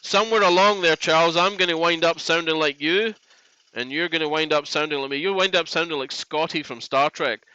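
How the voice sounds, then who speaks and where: A man's voice: on the high side, a little fast, sharp tone, clear, resonant tone, dry recording, highs cut off. A man hosting a woodworking live stream, chatting in a rambling, joking way from his workshop. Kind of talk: casual live stream chat. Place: home workshop.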